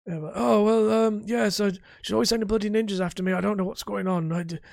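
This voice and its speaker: A man voicing a paranoid, grumbling ex-husband for a roleplay game character, with a strained, breathy voice. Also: high-pitched, fairly even intonation, quick pace, no room sound, clean studio sound, pitched above the performer's own voice. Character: grumbling paranoid old ex-husband, always complaining.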